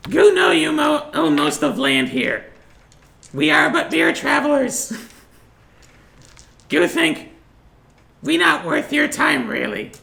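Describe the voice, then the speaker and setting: A man voicing a brash, cocky male trickster gambler who speaks in broken English with a creaky, high voice. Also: sing-song, pushed and bright, full character voice. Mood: taunting. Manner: taunting, slow and drawn out.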